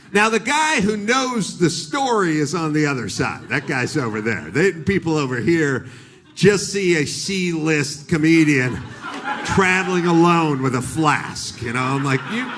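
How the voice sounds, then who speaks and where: A middle-aged man with a fairly high-pitched voice does stand-up in front of a live audience, with background noise around him. He tells a story and acts out the voices of its characters.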